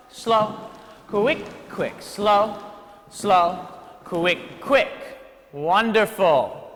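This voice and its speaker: An energetic man teaching a ballroom class, calling out counts with a lively, swooping delivery and a fairly high voice. His words ring out with a long reverb. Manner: energetic, counts steps aloud, playful asides. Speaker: dance teacher. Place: dance studio hall.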